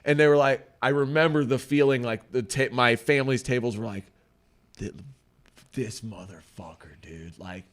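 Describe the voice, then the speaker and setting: Casting: middle-aged male co-host, lively anecdotal delivery, salty language. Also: mid-range voice, fairly quick. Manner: animated storyteller, acts out quotes, swears freely. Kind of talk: casual chat.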